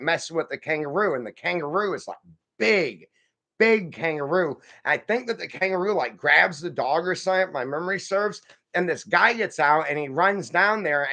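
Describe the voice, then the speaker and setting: This fairly high-pitched, sharp-toned man rambles through a casual live stream, reading viewer comments aloud and replying. His manner is folksy, calling people "friend" and "y'all."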